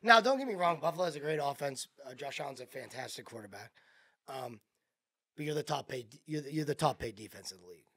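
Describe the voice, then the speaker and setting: A man's voice: medium pitch, lively intonation, quick pace, sharp tone. A man co-hosting a sports talk show, getting worked up and firing off exclaimed questions. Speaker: co-host.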